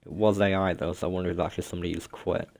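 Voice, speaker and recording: A man's voice: sits low, little pitch movement, rapid-fire, creaky, darkish tone. A man co-commentating a sim race, matter-of-fact as he reads out standings and strategy.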